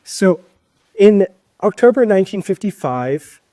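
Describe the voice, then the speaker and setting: A man's voice: sits high, big pitch swings, a little slow, warm tone, no echo. A man co-hosting a podcast who explains history in an emphatic, lecturing way, often stopping to stress key points. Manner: lecturing, emphatic, with frequent "keep in mind" asides. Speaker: podcast co-host.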